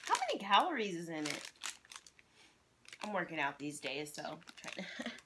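Woman with a lively pitch, blunt and cussing. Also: moderate pace. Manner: blunt, swears freely, laughs often. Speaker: snack-tasting vlog co-host. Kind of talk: casual chat. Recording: noisy background with crinkling wrappers.

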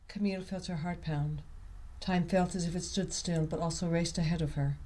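A man reading his own novel aloud at a slow, deliberate pace. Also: fairly high pitch, steady tone, dark tone. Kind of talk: audiobook narration.

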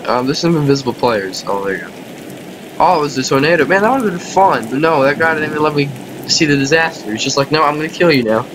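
A man's voice: fairly high pitch, animated, quick pace, noisy background. A man giving casual, self-mocking let's-play commentary on a game, talking to viewers and laughing often. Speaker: gaming YouTuber.

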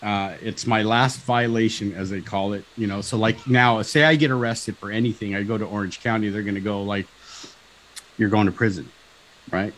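A man in his fifties from Southern California, a talk show guest telling a personal story in an animated way, acting out dialogue and often asking "right?". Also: fairly low pitch, a little fast, hardly any pauses, slight background noise, poor audio. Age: 50s.

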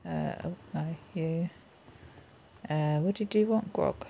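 Gravelly-voiced woman chatting through a game. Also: deep voice, unhurried, mellow, highs cut off. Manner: chatty, giggly, talks to herself. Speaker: gaming channel host. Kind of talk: casual let's-play commentary.

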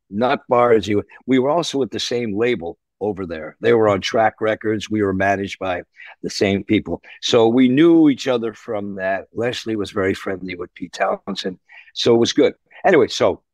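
An older man from Canada, a musician, telling animated, salty stories in an interview and acting out the voices. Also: fairly low pitch, no room sound. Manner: animated, swears, acts out voices. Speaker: musician guest.

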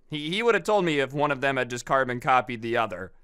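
Smooth-voiced young man, sarcastic storyteller. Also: mid-range voice, fast talker, a bit bright. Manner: exasperated, sarcastic, acts out quotes. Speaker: storytime YouTuber. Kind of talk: casual storytime commentary.

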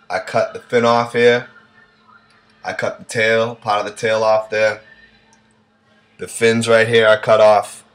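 Chatty Boston man with a low voice. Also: background noise. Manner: chatty, loose and offhand, with frequent fillers. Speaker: cooking show host. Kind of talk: casual cooking demonstration.

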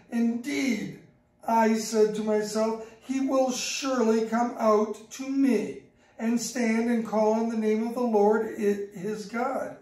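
A woman reads scripture in a slow, deliberate liturgical cadence. Her voice is mellow and unhurried. The sound comes from far off in an echoey church. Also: fairly high pitch. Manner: slow, measured reading. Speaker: scripture reader. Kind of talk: liturgical Bible reading.

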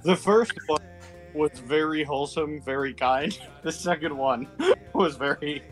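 A man's voice: on the high side, a little slow, soft background music. A man on a voice call, chatting with friends and laughing in the middle of his sentences. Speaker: guest player on a call. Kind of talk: casual chat on a game stream.

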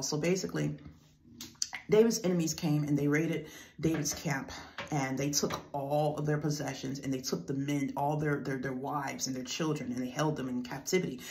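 A woman's voice: deep voice, flat delivery, normal speed, a little mellow. A woman giving a devotional teaching, reading scripture aloud and then explaining it plainly in her own words. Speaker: preacher.

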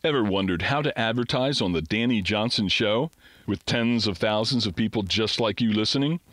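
A man's voice: lowish voice, moderate pace, a bit bright. A man reading a radio advertisement in an upbeat, emphatic sales voice. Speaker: announcer. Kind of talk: radio ad read.

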